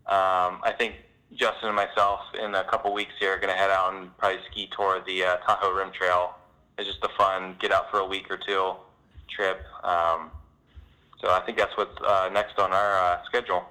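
Male interviewee, low voice with a bright edge, halting and filler-heavy. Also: level tone, rough recording. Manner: halting, lots of ums and restarts. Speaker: podcast guest, long-distance hiker. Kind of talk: interview answers.

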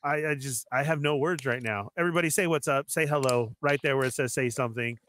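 A man's voice: mid-range voice, fast talker, a little hiss or hum. A man hosting a live toy collector stream, welcoming viewers by name and laughing along with his co-hosts. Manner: energetic, laughs a lot. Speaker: host.

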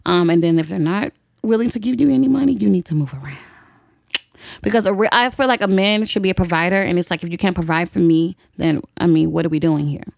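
A woman's voice: fairly low pitch, fast talker, creaky, no echo, clean studio sound. Blunt, profane young woman podcast host. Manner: blunt and profane, laughs often. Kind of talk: casual podcast chat and advice.

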